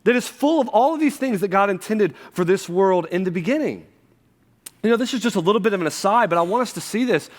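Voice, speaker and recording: A man in his thirties preaching a sermon to his church, conversational, with quick asides and frequent restarts. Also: high voice, expressive. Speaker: pastor. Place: church sanctuary. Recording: long hall reverb from a church.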